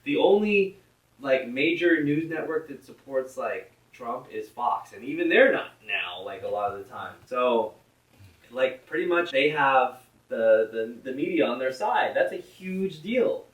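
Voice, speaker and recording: A man's voice: mid-range voice, lively intonation, measured pace, distant mic. A man hosting a casual podcast chat, blunt and rambling, swearing freely. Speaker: podcast host. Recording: roomy echo, from off-mic.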